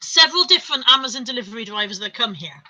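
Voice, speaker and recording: A woman's voice: fairly high pitch, lively intonation, rapid-fire, sharp tone, rough recording. A woman co-hosting a casual live-stream chat, rambling through stories and laughing often. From England.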